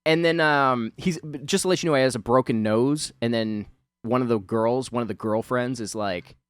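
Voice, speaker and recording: A man's voice: medium pitch, normal speed, clear, resonant tone, no echo. Rambling, chuckling man, dry close sound. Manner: rambling, self-mocking, laughs often, swears casually. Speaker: video host. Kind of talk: rambling casual chat while drawing.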